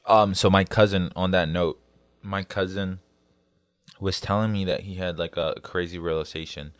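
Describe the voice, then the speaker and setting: A young man with a low, relaxed voice chats with friends on a podcast. He tells stories and lifts his voice when he quotes people. The sound is dry and close. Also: normal speed, smooth, no room sound. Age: young adult. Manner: storytelling, animated when quoting others. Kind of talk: casual chat.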